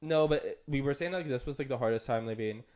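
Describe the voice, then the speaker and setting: A young man co-hosts a podcast, talking fast in a darkish voice as he tells a long, rambling story packed with "like" and "um." His chat is casual, and he jumps high in pitch when quoting people or laughing.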